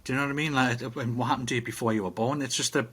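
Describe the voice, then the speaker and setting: Man, middle-aged, husky, medium pitch, reflective casual chat, rambling. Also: steady tone, very fast, a bit bright. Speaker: podcast co-host.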